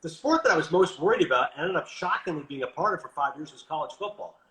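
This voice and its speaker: A Canadian man telling stories in a casual interview, animated and quick, acting out what others said. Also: a little high, echoey room, rough recording. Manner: animated, quick, quotes others in lively asides. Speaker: guest broadcaster.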